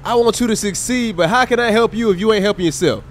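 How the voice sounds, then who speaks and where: Talking fast in a high-sitting voice, a man live-streams a police role-play game as a state trooper. He's animated, exclaiming at game characters and chatting casually with viewers. A little hiss or hum runs under the recording.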